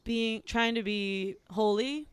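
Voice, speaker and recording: A woman's voice: on the high side, slow, smooth, no room sound. A teenage girl hosting a comedy podcast, earnest and giggly. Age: teens. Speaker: podcast host.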